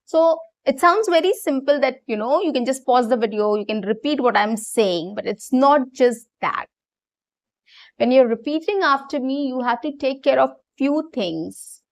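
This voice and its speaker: High-voiced woman coaching English. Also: lively intonation, normal speed. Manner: explanatory, repeats key phrases with frequent "right?" and "okay". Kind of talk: online English lesson.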